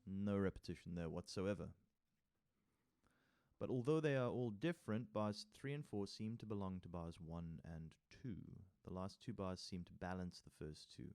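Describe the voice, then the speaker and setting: A man's voice: low-pitched, normal speed, a little mellow. A man teaching music theory, reading from a workbook with casual asides and counting rhythms aloud. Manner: reads text aloud, then adds casual asides and taps rhythms with sung syllables. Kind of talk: tutorial walkthrough reading from a workbook.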